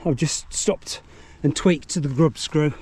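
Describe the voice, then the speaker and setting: His voice is a little high and a touch slow, with a dark, husky tone. He chats loosely and pokes fun at himself while riding and reviewing a mountain bike on countryside trails.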